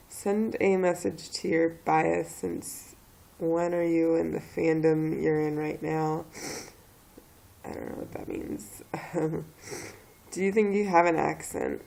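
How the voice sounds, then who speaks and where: A woman's voice: low voice, vocal fry, a little mellow, low-quality recording. A young woman from the Philadelphia area with a southeastern Pennsylvania accent, talking casually and hesitantly while she has a cold. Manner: hesitant, halting, with many fillers. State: has a cold, a bit stuffy. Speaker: vlogger. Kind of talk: casual accent-tag video.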